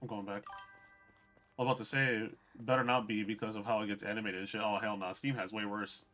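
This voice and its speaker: A man's voice: fairly low pitch, little pitch movement, brisk, pushed and bright. A young man streaming a video game, chatting bluntly and with swearing to his viewers as he plays. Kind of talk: casual gameplay commentary.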